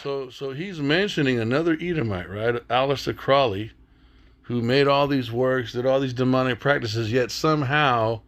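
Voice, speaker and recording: A man's voice: mid-range voice, moderate pace. A man teaching from the Bible and commenting as he goes, emphatic and blunt, often asking his listeners rhetorical questions. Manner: blunt, drops into swearing.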